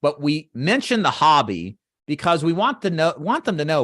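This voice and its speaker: A man teaching final expense phone sales, walking trainees through a phone script and acting out sample call lines in a brisk sales voice, with frequent "right?" check-ins. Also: a little high, very animated, a bit bright, no echo, clean studio sound. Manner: talks straight to trainees, checks in with "right?" and "does that make sense?". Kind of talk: instructional walkthrough of a phone script.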